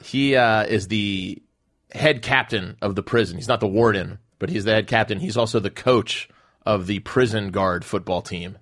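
A man co-hosting a podcast in casual chat, relaxed, often trailing off softly and laughing along. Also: lowish voice, moderate pace. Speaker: podcast co-host.

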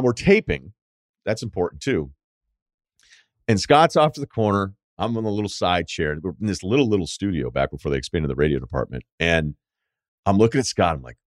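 A man's voice: on the low side, no room sound, studio quality. A man hosting a podcast, telling a rambling, profane anecdote in a casual storytelling way. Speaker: podcast host.

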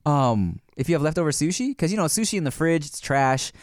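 A man's voice: fairly high pitch, expressive, a little fast, dry recording, clean studio sound. A man in his thirties co-hosting a casual podcast chat, rambling with lots of fillers and restarts. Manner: rambling, many fillers and restarts, laughs often. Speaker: podcast co-host.

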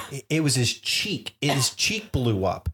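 A man's voice: medium pitch, sing-song, slow pace, a bit bright. A man in his forties, a podcast co-host telling stories in casual chat and swearing freely. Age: 40s.

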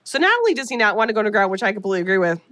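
A woman's voice: mid-range voice, sing-song, racing, a bit bright. A young woman co-hosting a podcast, recapping a horror film in a chatty, loose way and swearing freely. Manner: chatty, swears freely, breaks into quoted voices. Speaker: podcast co-host.

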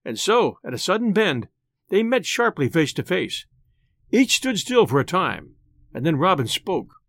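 A man reading an old tale aloud in an expressive, theatrical narration. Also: a little high, unhurried, dry recording. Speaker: storyteller.

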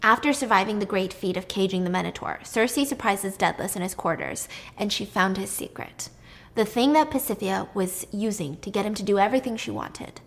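A woman's voice: medium pitch, a little fast, gravelly. A woman casually retelling a myth in a chatty, irreverent way, swearing now and then. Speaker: storyteller.

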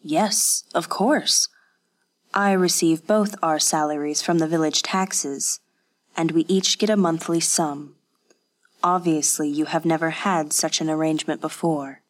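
A woman's voice: sits low, steady tone, measured pace. A woman reading the part of a male village constable who teases in a dry, knowing, lightly mocking way. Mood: matter-of-fact. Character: wry male village constable, teasing mentor. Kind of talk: audiobook character voice.

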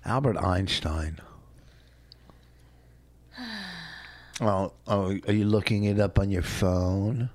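A man's voice: deep voice, slow pace, pauses often, darkish tone, dry recording. A man co-hosting a talk show who badgers his partner with questions in blustery casual chat. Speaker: podcast co-host.

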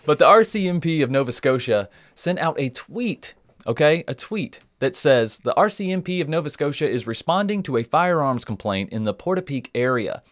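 A man's voice: fairly high pitch, expressive, normal speed, no echo. Dry-sounding male podcast host. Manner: storytelling, joking asides. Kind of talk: casual podcast chat.

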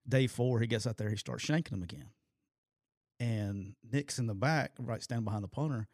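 In a clean studio recording with no room sound, a medium-pitched man speaks at a moderate pace. The middle-aged former football coach swaps stories in relaxed sports talk, often laughing and raising his voice to imitate what others said.

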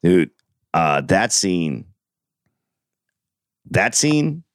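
A man in casual chat recapping a TV show, talking haltingly with frequent restarts. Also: low voice, very animated, no room sound, studio quality.

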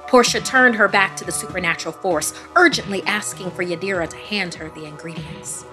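A woman's voice: medium pitch, a little fast, bright, forceful tone, faint music behind. Woman narrating a spooky tale. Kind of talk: scripted horror story narration.

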